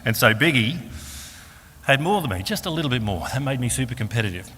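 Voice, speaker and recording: An Australian man giving a personal faith testimony at a fellowship meeting, an animated storyteller who acts out the voices of the people in his story. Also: medium pitch, fast talker. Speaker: speaker at a Christian fellowship meeting. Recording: long hall reverb, faint room noise.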